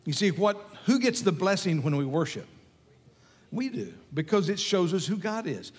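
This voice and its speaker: Emphatic preacher man, higher voice, long reverb. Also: big pitch swings, normal speed, slightly rough. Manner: emphatic, repetitive preaching with rising intensity. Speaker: pastor. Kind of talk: sermon.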